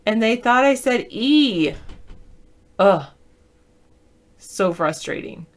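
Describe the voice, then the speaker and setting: On a video call, a woman from the Southern United States chats casually, telling rambling stories and spelling words out letter by letter. Her voice is slightly high and animated, and she speaks slowly with long pauses.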